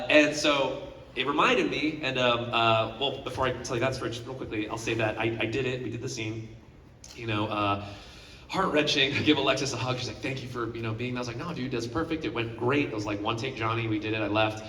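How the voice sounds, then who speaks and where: A man's voice: medium pitch, steady tone, fairly quick, pushed and bright, a little hiss or hum. A man in his thirties, a voice actor on a convention panel, telling a heartfelt story with lots of fillers. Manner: earnest, emotional storytelling with many fillers. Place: large convention hall. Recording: echoey hall, recorded from far off.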